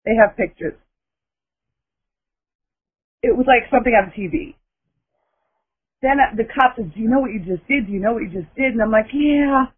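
A woman's voice: on the high side, moderate pace, pauses often, husky. A woman caller telling a dramatic personal story, emphatic and breathless in the telling. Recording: tinny phone line.

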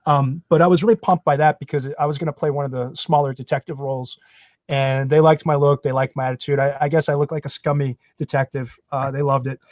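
A man from Florida telling his career story in a podcast interview, animated and self-deprecating. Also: mid-range voice, fast, no room sound, lo-fi sound. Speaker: guest, actor.

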